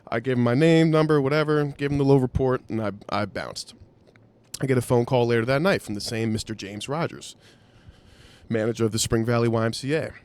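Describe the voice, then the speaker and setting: A man hosting a podcast, telling a wry anecdote in an animated, profane way. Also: medium pitch, brisk, clear, resonant tone. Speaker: podcast host. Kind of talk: storytelling anecdote.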